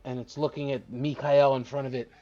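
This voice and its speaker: A man's voice: mid-range voice, level tone, a little fast, warm tone, lo-fi sound. A man narrating as dungeon master on a live-streamed tabletop game, casual and rambling with fillers.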